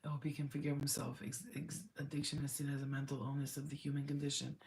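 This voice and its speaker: A woman's voice: very deep voice, completely flat delivery, fast talker, vocal fry, darkish tone, a little hiss or hum. Rambling emotional woman medium. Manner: rambling, emotional, talks to spirit and client. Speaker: spiritual medium. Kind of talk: live channeled reading.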